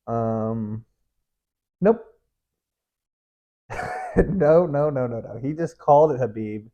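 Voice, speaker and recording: Young male host, loose and profane, rambling monologue with a mellow, dark timbre, on a dull lo-fi recording. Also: a little high, expressive, takes it slowly, pauses often. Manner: rambling, profane, self-interrupting, laughs often. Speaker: podcast host.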